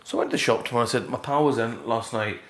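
A middle-aged Scottish man, a guest in a casual interview, telling stories with lively jumps in pitch. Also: rapid-fire, reverberant. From Scotland. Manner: animated storyteller, leaps up in pitch for emphasis.

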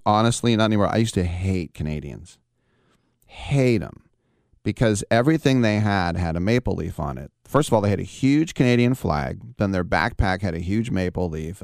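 A deep, gravelly male radio host talks into a studio mic. His voice is smooth and resonant. The room is dry, and he tells a long, rambling story with asides. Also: a little mellow, no room sound. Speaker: radio sports talk host. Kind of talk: casual radio monologue.

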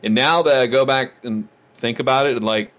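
A man co-hosting a casual movie review podcast, retelling scenes with lively, excited outbursts. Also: medium pitch, a little fast. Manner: animated storytelling, acts out scenes with excited outbursts. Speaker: podcast co-host.

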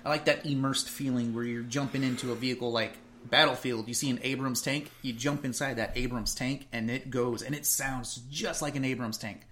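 A man's voice: medium pitch, fairly even intonation, brisk, hardly any pauses, a bit bright, slight background noise. A man in casual conversation, talking animatedly and slipping into mocking voices when he retells stories. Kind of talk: casual chat.

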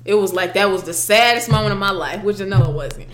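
A woman in her twenties co-hosting a casual chat, animated and playful, often acting out what others said. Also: medium pitch, quick pace, echoey room, slight background noise. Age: 20s.

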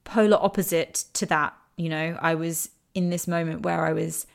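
A young woman with a low voice tells her own story straight to the camera. She speaks candidly and emotionally, swearing freely as she goes. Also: steady tone, moderate pace, creaky. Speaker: recovery storyteller. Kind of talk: personal storytelling.

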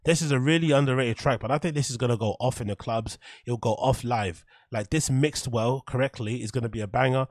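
A man's voice: medium pitch, a little fast, few pauses, no echo. A man hosting a podcast, rambling candidly through a casual monologue with plenty of fillers and the odd swear word. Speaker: podcast host.

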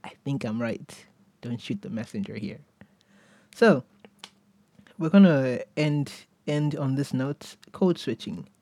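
A man's voice: mid-range voice, expressive, slow pace, long pauses, mellow, dry recording. A man hosting a solo podcast, musing casually, often chuckling and trailing off before picking his thought back up. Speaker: podcast host.

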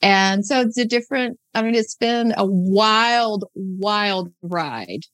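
A woman's voice: medium pitch, animated, takes it slowly, dry recording. A woman in her fifties, a podcast guest, telling her life story casually with frequent laughs and restarts. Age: 50s. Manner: chatty, warm-hearted, laughs often, trailing restarts.

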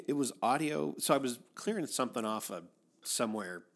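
Male podcast co-host, mid pitch, rambling casual talk, dry teasing humor. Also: animated, normal speed. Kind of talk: casual chat.

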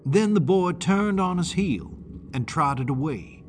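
A man reading first-person audiobook narration in a measured, deliberate way. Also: a little high, animated, slight background noise.

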